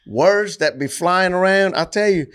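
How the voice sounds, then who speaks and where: A man, a coach talking about faith in an animated, preachy storytelling way. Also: high-pitched, unhurried. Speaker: coach and church guest. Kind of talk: casual faith talk.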